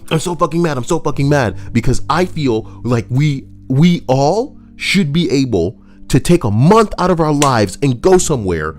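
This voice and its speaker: A young man doing casual, profane commentary that rambles and swings between loud rants and low mutters. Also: sing-song, measured pace, few pauses. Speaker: YouTube commentator.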